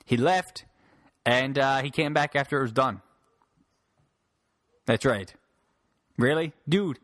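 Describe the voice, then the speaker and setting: A man's voice: mid-range voice, slow pace, fairly bright tone, no room sound. A man hosting a solo podcast, rambling casually, restarting sentences and swearing freely into a close handheld mic. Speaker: podcast host. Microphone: handheld mic held close.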